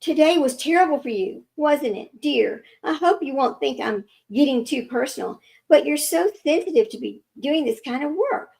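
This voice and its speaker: A woman's voice: high-pitched, lively intonation, moderate pace, gravelly, hardly any pauses. Woman reading as a sweet young receptionist. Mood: warm soothing. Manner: warm, soothing, fussing.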